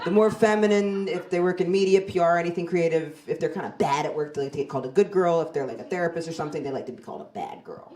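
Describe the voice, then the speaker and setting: A woman's voice: fairly low pitch, racing, few pauses, dark tone, a faint crowd. A woman in her forties doing a stand-up comedy set on a club stage, telling stories in a wry, self-deprecating, conversational way into a handheld mic. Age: 40s.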